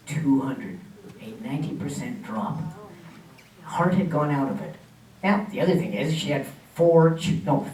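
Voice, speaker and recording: A man with a fairly high voice tells a personal history to an audience, chatty and unhurried, with fillers and small laughs along the way. He is picked up from a distance in an echoey room, with faint ambience in the background. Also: mellow, a little hiss or hum. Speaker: guest speaker. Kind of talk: community storytelling talk with slides.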